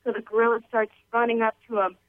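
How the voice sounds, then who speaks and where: Brief: female phone-in caller with a slightly high voice, loose and rambling, casual slang, heard through a thin, tinny phone line. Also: little pitch movement, fast. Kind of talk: telling a joke over the phone. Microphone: telephone.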